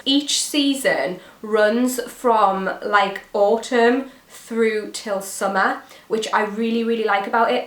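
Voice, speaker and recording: A young woman talks to her viewers in a chatty, gushing way, full of enthusiasm. Her voice sits at an ordinary middle pitch. The recording carries a noticeable room echo. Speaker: beauty vlogger. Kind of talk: casual chat. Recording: echoey room.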